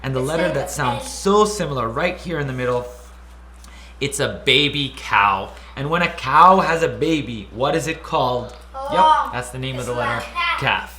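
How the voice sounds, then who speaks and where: A man's voice: medium pitch, very animated, moderate pace, bright, forceful tone. A man teaching the Arabic alphabet in a playful way, repeating each letter sound and using silly memory tricks. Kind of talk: playful teaching with call-and-response drills. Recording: echoey room.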